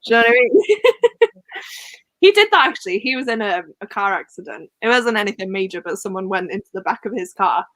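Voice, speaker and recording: A chatty young woman tells stories with a bright, forceful tone and a lot of laughter. She speaks close to a home mic on a video call, and the sound is dry with no room echo. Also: medium pitch, expressive, brisk. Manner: chatty, laughs often, storytelling. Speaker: book club co-host. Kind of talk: casual chat.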